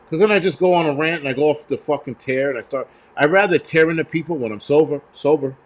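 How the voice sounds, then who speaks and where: A man with a fairly high-pitched voice rants on a live stream. He is blunt and profane, circling back with fillers like "you know" and thanking viewers in the chat as he goes. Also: fast, few pauses. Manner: reads out viewer donations and chat. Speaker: livestream host.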